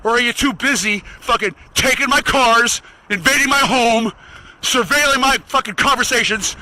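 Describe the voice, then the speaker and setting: A man delivering an angry, profanity-laden rant while walking outdoors, often breaking into shouts. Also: very high voice, normal speed, no room sound, low-quality recording. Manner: shouting, furious, swearing constantly. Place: outdoors, walking to get the mail.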